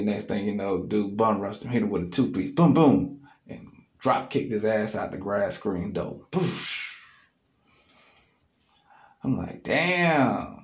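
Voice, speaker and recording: Low gravelly guy telling a wild story, lots of ums, echoey room. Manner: animated, loose with fillers. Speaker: podcast host telling a story. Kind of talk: casual storytelling. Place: studio, alone.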